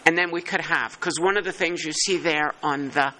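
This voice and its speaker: A man leads a working-group meeting in a slightly high, bright, tense voice. He thinks aloud as he goes and pokes fun at himself now and then. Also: normal speed, a little hiss or hum, rough recording. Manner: thinking aloud, self-deprecating. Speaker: meeting chair.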